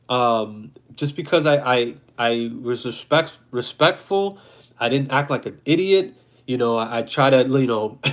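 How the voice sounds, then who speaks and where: Profane, blunt New man ranting. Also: mid-range voice. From New York City. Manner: blunt, profane, animated storytelling. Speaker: host. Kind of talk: casual storytelling monologue.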